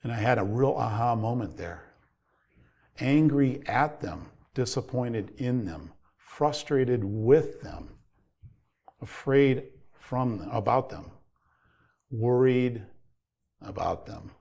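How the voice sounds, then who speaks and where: A man in his fifties speaking at a medium pitch. He coaches parents and tells his own story earnestly, reflective at first, then pressing harder when he stresses a point. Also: lively intonation, takes it slowly, gravelly, pauses often, dark tone. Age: 50s. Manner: reflective, earnest, builds to heated emphasis. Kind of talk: personal storytelling talk.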